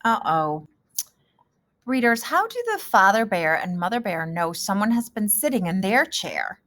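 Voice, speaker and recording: A woman teaching a kindergarten class in a gentle, encouraging manner. She asks the children questions and answers them herself, in a mid-pitched voice. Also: very animated, a little slow. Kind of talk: reading lesson for young children.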